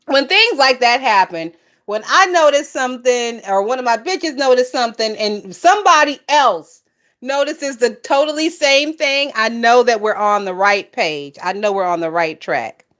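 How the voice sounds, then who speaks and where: A woman chats through a gossip livestream, breaking into laughter again and again. Her voice sits a little high for a woman, and she reads out viewer comments as she goes. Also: lively intonation, normal speed. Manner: laughs often, loud and amused. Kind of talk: casual gossip chat reading live comments.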